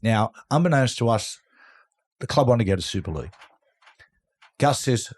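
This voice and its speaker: A man's voice: mid-range voice, moderate pace, pauses often. A middle-aged Australian man telling a story casually as a podcast guest, acting out what other people said. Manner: animated yarn-spinner who acts out other people's lines. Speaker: guest, former rugby league player.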